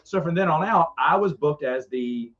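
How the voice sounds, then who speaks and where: A middle-aged man telling rambling, animated stories as a podcast co-host in casual chat. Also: a little high, normal speed. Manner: rambling, animated, frequent restarts. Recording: dull lo-fi sound.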